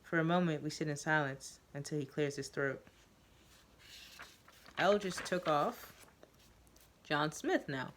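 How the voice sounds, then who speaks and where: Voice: medium pitch, unhurried, long pauses, a bit bright, slight background noise. Storyteller reading a first-person tale. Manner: plain reading with small stumbles and repeats. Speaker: story reader.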